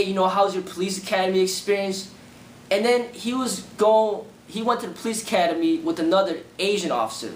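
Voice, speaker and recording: A young man casually recounting personal experiences in a rambling way, full of repeated fillers. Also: a bit bright. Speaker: martial arts channel host. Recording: echoey room with faint rumble.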